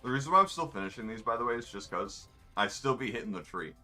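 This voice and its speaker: A man's voice: medium pitch, expressive, quick pace, sharp tone, faint music behind. A man, rambling in wry, offhand asides while commenting on his racing game. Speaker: gamer streaming a race. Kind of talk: casual gameplay commentary.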